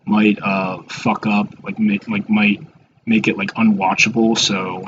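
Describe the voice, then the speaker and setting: Male YouTuber, 20s, low-ish voice, halting and self-mocking, muffled lo-fi recording. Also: little pitch movement, a bit bright, slight background noise. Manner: rambling and halting, with many fillers and restarts; self-deprecating. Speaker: YouTuber reacting to his old videos. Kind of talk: casual reaction commentary.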